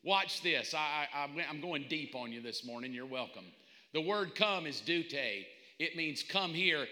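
A male pastor preaching a sermon emphatically, moving from shouted declarations to hushed asides. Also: sits high, sing-song, measured pace. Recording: long hall reverb.

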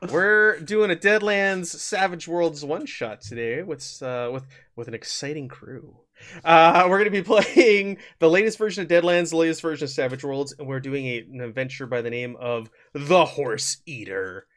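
Upbeat gm guy, voice a bit on the high side, runs the table and explains stuff as he goes. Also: fairly bright tone. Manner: upbeat, quick to laugh, explains rules on the fly. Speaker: game master. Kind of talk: hosting a tabletop game session.

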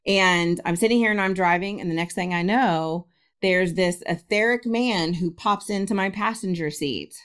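A woman's voice: fairly low pitch, normal speed, clean tone. A middle-aged woman, a spiritualist medium and podcast guest, telling a personal story with lots of laughter and acted-out quotes. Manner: laughs often, acts out quoted voices.

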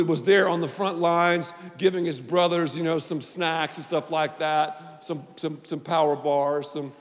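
A male pastor preaching a playful, animated sermon to a family audience, repeating phrases for emphasis. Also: sits high. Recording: long reverb of a large hall.

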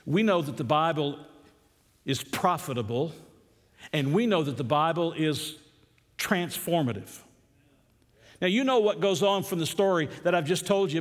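A pastor delivers his sermon in an earnest, emphatic cadence, his voice sitting a little high for a man. The sound hangs in the long reverb of a large church sanctuary. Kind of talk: sermon with read-aloud passage.

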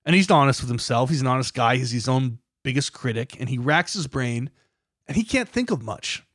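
A man's voice: mid-range voice, lively intonation, a little fast, fairly bright tone, no room sound, clean studio sound. Man narrating with dramatic build. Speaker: podcast host. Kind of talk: scripted documentary narration.

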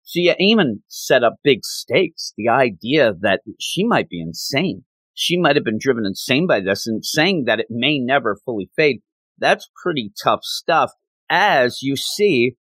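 Animated man recapping a comic. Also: mid-range voice, a little slow, slightly rough, no room sound. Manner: animated, acts out quoted lines. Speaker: comic book reviewer. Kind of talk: casual storytelling recap.

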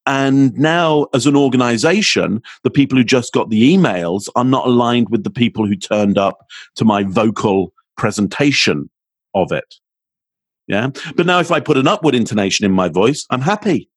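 Husky-voiced man explaining body language. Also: mid-range voice, expressive, normal speed, dry recording. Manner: explanatory, demonstrates intonation with his voice. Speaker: communications expert guest. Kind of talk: podcast interview.

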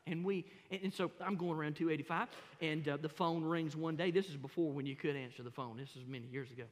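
A middle-aged man, preaching a sermon as pastor in a folksy, animated, self-mocking storytelling way. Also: a little high, quick pace. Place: large church sanctuary. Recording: long hall reverb in a church.

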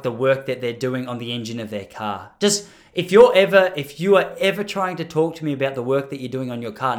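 Rambling comedian musing aloud. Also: male voice, medium pitch. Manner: rambling, self-deprecating, trails off and restarts. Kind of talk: casual comedic monologue.

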